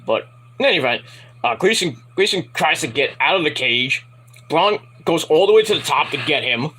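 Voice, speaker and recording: A man's voice: fairly high pitch, lively intonation, moderate pace, pushed and bright, a little hiss or hum, rough recording. A man giving a casual, rambling wrestling review from home at night, profane and frustrated.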